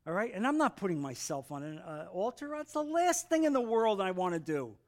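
A man's voice: high voice, big pitch swings, a little fast. A man teaching a Bible class in an earnest sermon style, repeating phrases and calling for amens.

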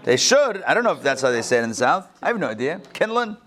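A man's voice: medium pitch, very animated, rapid-fire, a bit bright. A man casually teaching a study class, asking the group questions and making joking asides.

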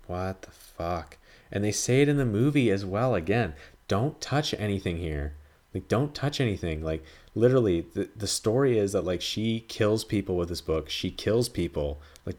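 A man's voice: deep voice, darkish tone. A man hosting a podcast, chatting casually and rambling, swearing freely and acting out dialogue as he talks. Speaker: podcast host reviewing a film. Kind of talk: casual chat.

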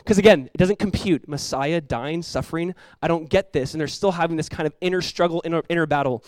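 A young man delivers a sermon in a relaxed, chatty style, filling it with "like" and brief voiced quotes. His voice sits somewhat high and he talks quickly. The sound is dry and close, with no room echo. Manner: conversational preaching, peppered with "like", voicing Jesus and the disciples. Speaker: pastor.

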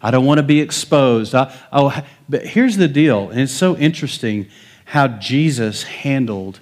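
A man's voice: mid-range voice, expressive, a little slow, a little mellow. A middle-aged man, a pastor, delivering a folksy sermon full of stories, often chuckling and acting out the people he quotes. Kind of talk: sermon with storytelling.

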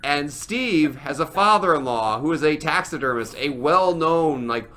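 A man co-hosting a comedy debate show, trading jokes in a dry, deadpan, sarcastic way. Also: on the high side, a little slow. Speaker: podcast co-host. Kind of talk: comedic banter.

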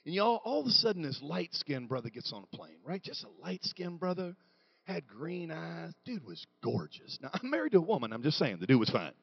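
High bright preacher guy, storytelling sermon, dry close sound, bit dull. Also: brisk, creaky, husky, dry recording. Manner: builds to shouting with animated quoted voices.

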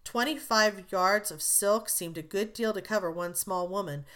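Patient, hard-working young husband, put on by a woman narrator; dry, good-humored, lowered and slow. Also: fairly bright tone, close to an everyday voice.

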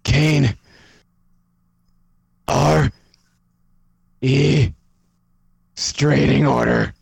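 A man plays a strange, oblivious character who says absurd things in a flat, deadpan way. The voice is heavily gravelly and husky. It is recorded close and dry, with no room sound. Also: medium pitch, drawn-out words, dry recording, full character voice. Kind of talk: improvised comedy sketch.

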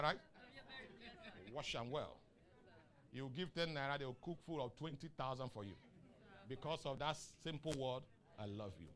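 A Nigerian man preaching a sermon, asking the congregation questions and rising into shouts on key lines. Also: fairly high pitch. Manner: asks the crowd questions and waits for answers. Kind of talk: sermon with call and response.

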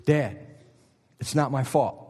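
A woman's voice: extremely low pitch, slow pace, a little mellow, breathy edge, pitched below the performer's own voice, heavily acted. Man doing a defensive teen girl, pleading, in a reverberant chapel. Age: teenager. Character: teenage girl insisting she is blameless.

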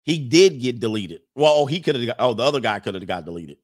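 A man's voice: mid-range voice, lively intonation, fast. A man hosting a casual livestream, reading viewer comments and rambling through blunt opinions with frequent laughs.

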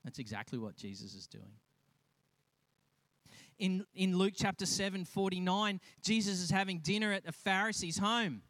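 A man preaching a sermon, animated and acting out the voices of the people in his stories, with frequent restarts. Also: high-pitched, normal speed, no room sound. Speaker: pastor.

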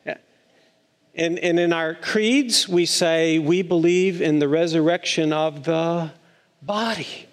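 Pastor, male, slightly high voice, folksy storytelling sermon, long reverb of a church sanctuary. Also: slow. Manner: chatty, playful storyteller with a congregation.

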